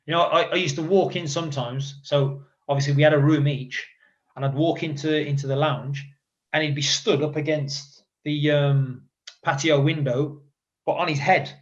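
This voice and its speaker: A man's voice: a little high, steady tone, moderate pace, muffled recording. A man who is a former footballer, guest on a podcast, telling rambling casual stories with quoted asides. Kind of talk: casual storytelling chat.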